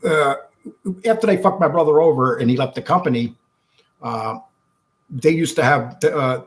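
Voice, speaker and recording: Blunt, animated man telling a story. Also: mid-range voice, moderate pace. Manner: animated storyteller acting out quotes, frequent restarts; blunt, swears freely. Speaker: guest. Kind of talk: storytelling interview.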